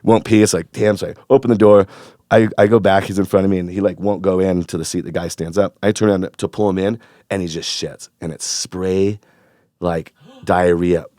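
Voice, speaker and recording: A man from Northern California telling a long, animated, profane story in casual chat, acting out the voices of the people in it. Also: low voice, brisk, dry recording, studio quality. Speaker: podcast guest.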